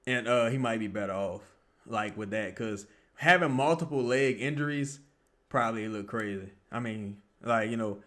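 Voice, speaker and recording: A young man streaming live fan commentary on a basketball game, excitable and profane, often bursting into yells at the players. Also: medium pitch.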